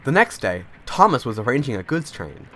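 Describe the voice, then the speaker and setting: A man narrating a storybook tale in a measured, lively storytelling manner. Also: mid-range voice. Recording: music playing behind.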